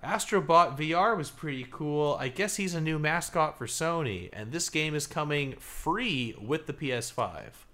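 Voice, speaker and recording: A man co-hosting a casual gaming podcast, talking loosely with lots of fillers and getting animated when he tells a story. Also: a little high, a little slow, hardly any pauses. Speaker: podcast co-host.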